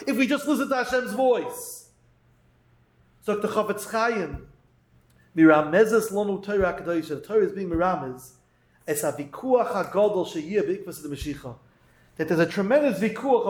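A man giving a sermon-style Torah talk, reading Hebrew phrases slowly and then translating them quickly into English. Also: high-pitched, roomy sound. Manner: acts out doubters' voices in quotes.

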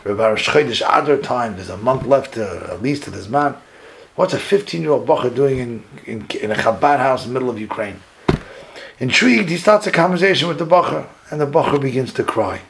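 A man giving a sermon as a rabbi, retelling a story dramatically, his voice jumping higher at key moments. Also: animated, brisk, creaky, fairly bright tone, a little hiss or hum, poor audio.

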